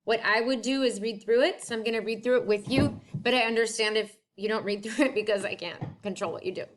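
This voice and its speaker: Chatty woman teacher, high voice. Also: fast talker. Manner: friendly, chatty, switches between English and French. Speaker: French teacher. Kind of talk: recorded class lesson. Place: at home.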